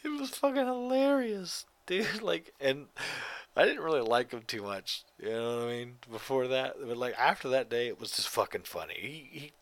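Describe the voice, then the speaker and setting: This solo podcast host is an adult man with a medium-pitched, expressive voice, a fairly bright tone and normal pacing, recorded with no room sound. Weary and yawning now and then, he rambles through a casual monologue, swearing and stressing his points.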